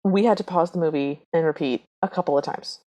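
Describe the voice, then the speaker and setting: A woman's voice: low-pitched, brisk, mellow, lo-fi sound. A woman co-hosting a podcast, speculating about the plot and recounting scenes in casual, chatty talk to listeners. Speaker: podcast co-host. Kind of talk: casual chat recapping a movie.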